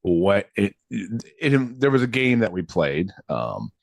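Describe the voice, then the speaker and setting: A man's voice: lowish voice, sing-song, unhurried, vocal fry, no room sound. A man hosting a podcast, chatting loosely and laughing easily, with many restarts. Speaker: podcast host. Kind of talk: casual chat.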